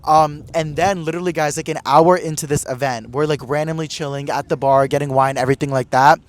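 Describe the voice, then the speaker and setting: A young man hosting a podcast, telling stories in a gossipy, excitable way full of "like". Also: fairly high pitch, fairly quick. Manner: excitable, gossipy, heavy "like" filler. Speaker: podcast host. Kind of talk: casual chat.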